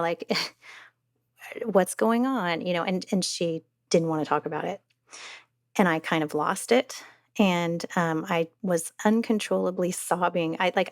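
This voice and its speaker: A woman, a mother and podcast guest, telling a personal story in a halting way, with many restarts and fillers. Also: on the low side, dry recording, studio quality.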